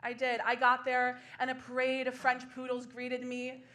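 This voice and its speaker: A woman in her twenties performing a solo comedy show on a small theater stage, laughing through quick self-deprecating asides. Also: high-pitched, completely flat delivery, sharp tone. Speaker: stand-up comedian.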